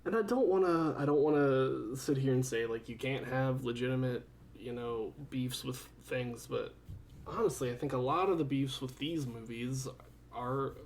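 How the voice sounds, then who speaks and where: A man's voice: medium pitch, moderate pace, darkish tone. A man co-hosting a podcast in casual chat, laid-back and swearing, often laughing as he talks. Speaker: podcast co-host.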